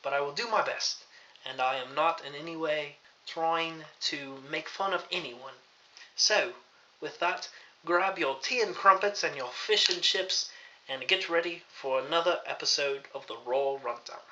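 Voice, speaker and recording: Bright sharp voice, a man doing a put-on british accent, dull lo-fi sound. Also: fairly high pitch, measured pace, slight background noise. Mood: playful. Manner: self-aware, admits the accent is poor. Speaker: host. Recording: dull lo-fi recording.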